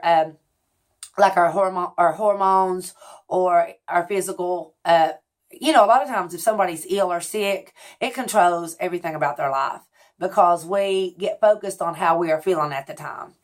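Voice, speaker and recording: Rambling confessional woman in her forties. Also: fairly low pitch. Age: 40s. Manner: rambling, confessional, self-correcting. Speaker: vlogger. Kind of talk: casual chat.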